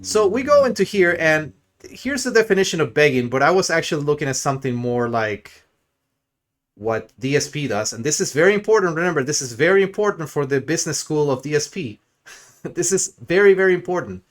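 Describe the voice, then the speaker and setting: A man's voice: on the high side, animated, fairly quick, fairly bright tone. A man streaming a crude, sarcastic, rambling rant in a mocking commentary style.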